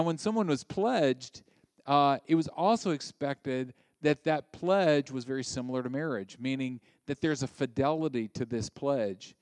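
A man preaching a sermon in a conversational, joking way, breaking into loud emphatic bursts. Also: medium pitch, no room sound. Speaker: pastor.

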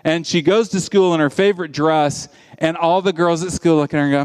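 Animated man preaching a sermon. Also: fairly high pitch, brisk, few pauses, clean tone. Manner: animated, conversational storytelling.

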